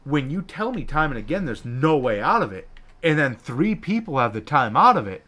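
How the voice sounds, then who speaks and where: A man co-hosting a casual gaming chat, telling a profane, animated story and acting out the people in it. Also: mid-range voice, normal speed. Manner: profane, animated, acts out quoted bosses.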